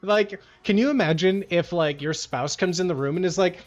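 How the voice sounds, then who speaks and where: A man's voice: high voice, moderate pace. A man chatting casually on a livestream, rambling and slangy and full of "like" and "bro.". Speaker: livestream streamer. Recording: dull lo-fi sound with faint music.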